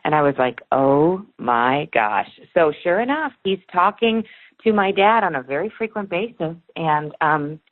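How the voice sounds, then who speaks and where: Low-voiced woman on a tinny phone line. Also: normal speed. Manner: animated storyteller, acts out dialogue. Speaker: author guest. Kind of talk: podcast interview storytelling.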